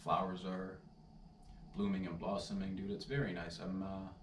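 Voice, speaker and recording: A man's voice: deep voice, flat delivery, normal speed, a little hiss or hum. A man vlogging casually, rambling and laid-back, saying "dude" and "man" constantly. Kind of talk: casual storytelling vlog. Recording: roomy sound, distant mic, faint ambience.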